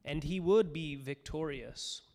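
A man preaching a sermon in an earnest manner, climbing to fervent, higher cries when he voices the crowd. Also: measured pace, a little mellow. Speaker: pastor. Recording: hall reverb.

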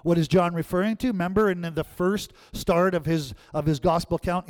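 A man preaching a sermon as pastor, animated and often checking in with the congregation. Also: high voice, moderate pace, hardly any pauses.

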